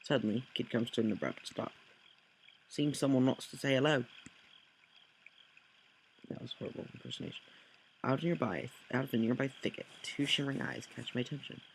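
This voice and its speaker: A man's voice: medium pitch, fast, gravelly, a little hiss or hum, low-quality recording. A man reading a text game aloud, with slips, corrections and jokey asides. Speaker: let's play host.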